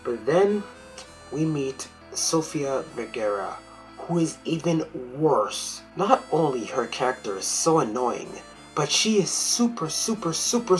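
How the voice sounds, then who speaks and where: A woman's voice: low voice, poor audio. A woman critic delivering a blunt, profane rant in a video film review.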